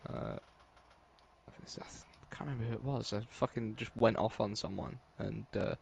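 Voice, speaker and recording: A man's voice: on the low side, fairly even intonation, normal speed, creaky, a little mellow, slight background noise. An English man chatting casually on a podcast, laid-back and rambling, chuckling often. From England. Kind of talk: casual chat.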